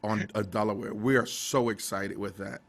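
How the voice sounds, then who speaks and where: Speaking at a normal speed in a lowish voice, this middle-aged man is a TV station director. In a relaxed interview he recounts stories with lots of laughter, energy and frequent restarts.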